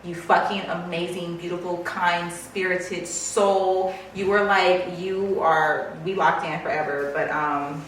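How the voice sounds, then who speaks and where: A woman filming an excited unboxing vlog, gushing and swearing as she squeals over her purchase. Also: fairly low pitch, takes it slowly, few pauses, very echoey, recorded from a distance, slight background noise, low-quality recording. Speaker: luxury vlogger.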